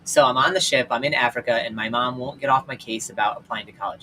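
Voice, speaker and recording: A man hosting his own show, telling personal stories in a casual, candid way with lots of fillers, swinging between loud and hushed. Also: medium pitch, fast, a little hiss or hum, poor audio. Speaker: podcast host and life coach. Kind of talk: personal storytelling monologue.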